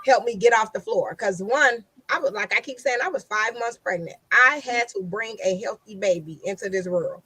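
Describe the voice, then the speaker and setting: A woman's voice: medium pitch, moderate pace, hardly any pauses, bright, forceful tone, breathy edge, no room sound, rough recording. A woman talking with emphasis in a casual conversation, repeating herself as she tells a personal story. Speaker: guest. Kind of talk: casual chat.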